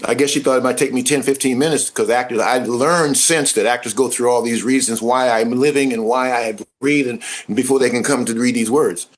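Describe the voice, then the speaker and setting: A man in a casual interview, telling stories in an animated, informal way and acting out the voices of people he met. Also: mid-range voice, a little fast, hardly any pauses. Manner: informal speech with dropped grammar. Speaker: interview guest, former football player turned actor. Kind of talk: casual anecdotal storytelling.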